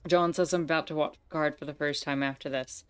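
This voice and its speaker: A woman's voice: deep voice, fairly even intonation, quick pace, clean tone. A woman streamer giving casual, playful commentary while playing a game, chatting with viewers and laughing often.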